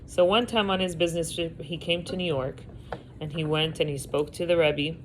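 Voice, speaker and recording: Low-voiced woman telling a story. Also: moderate pace, a little hiss or hum, rough recording. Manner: animated storyteller, acting out quotes. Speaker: Torah class teacher. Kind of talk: storytelling in a class.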